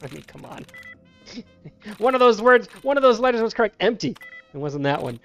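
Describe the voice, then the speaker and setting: Casual gameplay commentator, man, slightly raised pitch, teasing parental tone toward game characters; faint music bed. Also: sing-song, moderate pace, fairly bright tone. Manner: playful, talks to game characters like a scolding parent. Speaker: gameplay streamer. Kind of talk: casual let's-play commentary.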